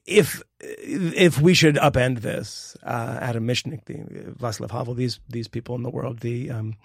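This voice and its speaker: A middle-aged man co-hosting a casual political podcast, rambling and emphatic, with sudden jumps in pitch. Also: measured pace, gravelly, slightly rough, no room sound, studio quality. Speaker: podcast co-host.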